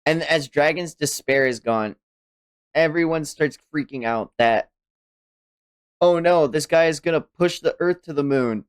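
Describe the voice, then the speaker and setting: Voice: mid-range voice, a little slow, smooth. A young adult speaker eagerly retelling anime scenes in casual podcast chat. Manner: excitable storyteller retelling scenes. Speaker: anime reviewer.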